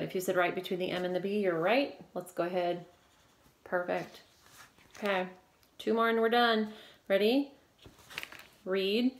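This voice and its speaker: Slow, patient woman teaching phonics in an echoey room. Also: mid-range voice. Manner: patient, encouraging, step-by-step prompting. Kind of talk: recorded phonics lesson.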